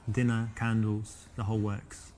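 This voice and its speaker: A man's voice: lowish voice, level tone, a little slow, dark tone, slight background noise, natural voice. A man playing a cocky British flirt. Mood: smug. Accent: British English. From England. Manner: cocky, boastful, rambling. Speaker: player character in a dating game. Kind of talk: live-action video game acting.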